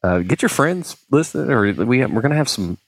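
A man's voice: medium pitch, sing-song, fairly quick, low-quality recording. A man co-hosting a podcast, laid-back and laughing often as he wraps up the show. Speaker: podcast co-host. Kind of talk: casual chat, show outro.

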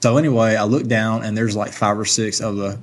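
A man, telling a story in a joking, animated way. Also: on the low side, fairly quick. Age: 30s. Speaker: podcast co-host. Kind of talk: casual storytelling.

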